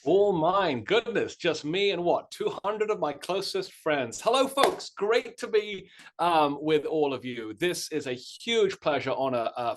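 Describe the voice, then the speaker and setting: A man with a British accent giving a lively online history lecture with plenty of uh fillers. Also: on the high side. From Britain. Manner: animated, self-deprecating, frequent uh fillers. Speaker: guest lecturer, history professor. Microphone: video call.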